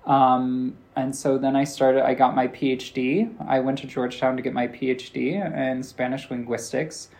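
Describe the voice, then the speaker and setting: Speaking at normal speed with few pauses, this American linguistics professor is an interview guest who chats loosely, says "like" a lot and acts out quoted dialogue like a storyteller. His mid-range voice has little pitch movement and a slightly mellow quality.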